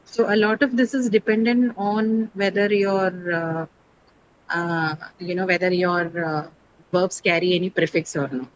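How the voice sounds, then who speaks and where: A woman's voice: lowish voice, steady tone, a little slow, muffled recording, slight background noise. A woman teaching English stress rules over a video call, explaining patiently, quizzing her students and often checking with "right?". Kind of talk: online class lecture.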